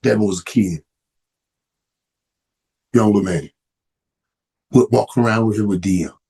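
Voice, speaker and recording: A man's voice: medium pitch, darkish tone, husky. A middle-aged man hosting a casual live stream, often stammering and repeating words, and growing emotional and heated as he talks. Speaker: host.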